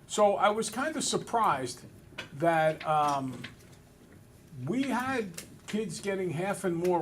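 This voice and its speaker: A male math teacher in a classroom, relaxed and a little self-deprecating, talking through each step aloud. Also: sits high, a little hiss or hum. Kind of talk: classroom lesson. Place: school classroom with students.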